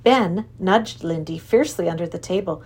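A woman narrating a storybook aloud in an expressive, lively way. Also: fairly low pitch, normal speed, breathy edge.

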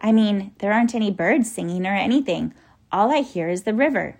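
A woman's voice: medium pitch, brisk, creaky, a little mellow. A woman voicing an eager, curious young girl who asks questions in wonder, in a storybook reading.

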